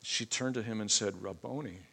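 Male preacher, lowish voice, relaxed teaching tone that spikes into emphasis. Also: normal speed, gravelly, husky. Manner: conversational teaching with emphatic outbursts. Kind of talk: sermon.

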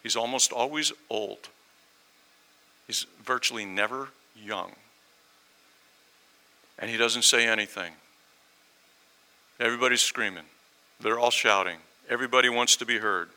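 Man, preacher, sermon, storytelling, very bright tone, lowish pitch. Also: poor audio. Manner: storytelling, acts out quoted voices.

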